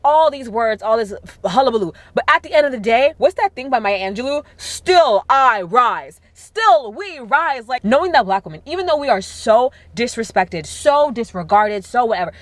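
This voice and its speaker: Young woman vlogger talking to camera, gushing and exclamatory, voice on the higher side, close and dry sound. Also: brisk, hardly any pauses, no echo. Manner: gushing, animated, lots of fillers and exclamations. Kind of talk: casual chat to camera. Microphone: camera mic.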